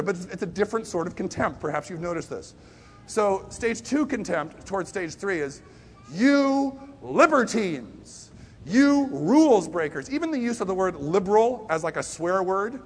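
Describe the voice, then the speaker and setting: Speaking fairly quickly in a high voice, a man delivers a sermon in a chatty, story-driven style. He moves between soft and loud emphasis and sprinkles in jokes at his own expense.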